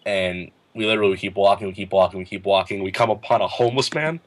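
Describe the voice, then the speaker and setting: Teen male guest with a somewhat low voice, spinning an animated story with laughs. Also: fast talker. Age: late teens. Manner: animated, laughing, acts out quotes in a higher voice. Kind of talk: casual storytelling.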